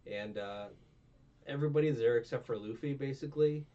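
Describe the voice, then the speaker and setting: A man hosting an anime review, recapping the plot in a rambling, profane, animated way. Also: medium pitch, fairly quick. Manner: rambling, profane, animated with put-on character voices. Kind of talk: casual recap chat. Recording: distant lo-fi mic with faint room noise.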